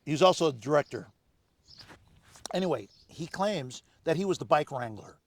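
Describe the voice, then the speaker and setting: An older man, the guest, telling animated anecdotes in casual conversation, acting out other people's lines. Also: fairly high pitch, moderate pace. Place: home on Maui.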